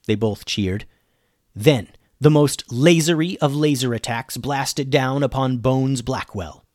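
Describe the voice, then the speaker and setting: A male podcast host reads a children's story aloud in a playful, animated way. His voice sits at a middle pitch, and the recording is dry and close. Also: dry recording. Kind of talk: storytelling narration.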